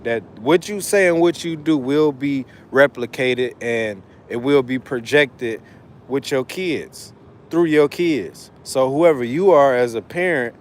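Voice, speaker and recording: Cussing, rambling male livestream host. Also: mid-range voice. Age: adult father of school-age kids. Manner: loose, profane, rambling and emphatic. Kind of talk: casual livestream chat.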